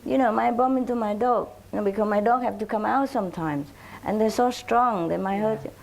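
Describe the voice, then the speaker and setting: A woman telling rambling, animated stories in a casual way. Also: mid-range voice, fairly quick, creaky, low-quality recording. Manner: rambling, animated, often laughing. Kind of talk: casual storytelling.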